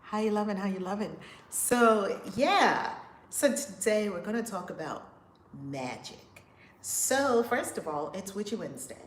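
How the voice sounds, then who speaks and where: A woman hosting a casual livestream, greeting viewers by name in an effusive way, with big swoops in pitch and loudness. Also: animated, measured pace, reverberant, slight background noise. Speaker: livestream host.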